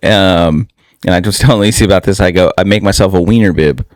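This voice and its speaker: Casting: deep-ish young man, loose rambling podcast co-host, crude humor, dry close mic. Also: brisk, no echo. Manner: rambling, laughing, swears freely. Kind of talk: casual crude podcast banter.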